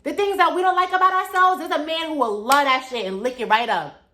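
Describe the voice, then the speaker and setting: A young woman comedian with a fairly high voice tells a stand-up story. Her delivery is brash and sassy, punchy and full of profanity. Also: a little fast, sharp tone, a little hiss or hum.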